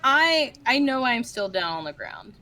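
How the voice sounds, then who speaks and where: A woman's voice: fairly high pitch, sing-song, measured pace, bright, forceful tone. A woman playing a tabletop game, talking in a chatty, upbeat way. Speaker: player. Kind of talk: casual tabletop play.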